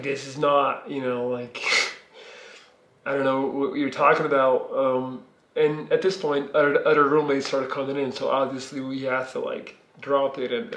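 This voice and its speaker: A man's voice: mid-range voice, a bit bright, reverberant. A Belgian man, telling a long, rambling personal story in a casual vlog from his living room, swearing freely. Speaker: vlogger.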